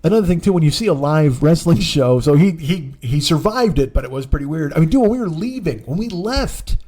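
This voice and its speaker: With a fairly high, mellow voice and lively intonation, a forty-something comedian talks fairly quickly on his own podcast. His story is long, meandering and full of swearing, delivered with casual exasperation.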